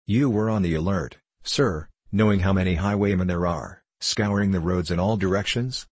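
A man with a very low, husky voice playing an earnest middle-aged locksmith who speaks cautiously and confidingly in an audiobook. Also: moderate pace, no room sound. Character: earnest middle-aged male locksmith, kindly but wary.

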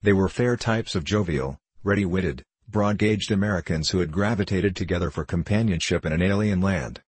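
A man narrating a story in a measured, even reading. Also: sits low, husky, no room sound. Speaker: audiobook narrator. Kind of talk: scripted narration.

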